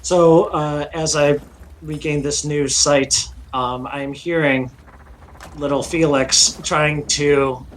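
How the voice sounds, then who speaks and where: A man's voice: fairly high pitch, fairly even intonation, slight background noise. Man thinking aloud at the game table. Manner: halting, thinks aloud with fillers. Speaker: player.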